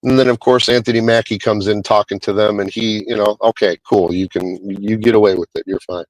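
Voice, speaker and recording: A man's voice: on the low side, fairly even intonation, a little fast, a little hiss or hum, low-quality recording. A man reviewing a movie in a casual, rambling way, swearing often and restarting his sentences. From Hispanic American. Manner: rambling, profane, many restarts.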